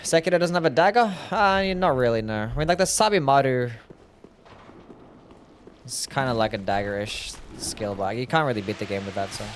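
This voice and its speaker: A man's voice: mid-range voice, lively intonation, moderate pace, a little hiss or hum. A man chatting casually on a live game stream, rambling with lots of fillers as he answers chat. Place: home desk.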